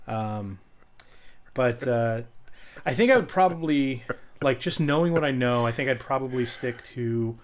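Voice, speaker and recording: A man's voice: mid-range voice, a little slow. A man co-hosting a podcast, chatting casually with a profane, joking, rambling manner. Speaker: podcast co-host.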